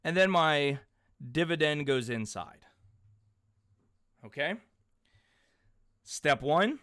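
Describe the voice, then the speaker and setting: A man in his forties runs a math lesson in a bright, forceful voice that sits a little high for a man. He talks in a chatty, animated way, calls on students by name, and breaks off into side stories. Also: slow pace, clear, resonant tone. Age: 40s. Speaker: math teacher. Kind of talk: live class lecture with side stories.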